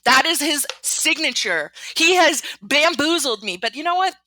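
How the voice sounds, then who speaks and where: A woman's voice: high-pitched, expressive, normal speed, bright, forceful tone, dry recording. A woman co-hosting a podcast in casual chat, blunt and teasing. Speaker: podcast co-host.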